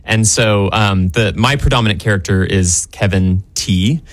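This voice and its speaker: Young male actor, low dry voice, earnest and friendly, some ums. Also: measured pace, dry recording. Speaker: musical theater actor. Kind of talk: casual radio interview.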